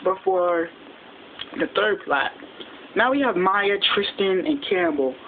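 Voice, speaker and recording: Over thin, phone-like audio with a light hiss, a medium-pitched TV episode reviewer hurries through a casual fan recap. The telling rambles and keeps restarting.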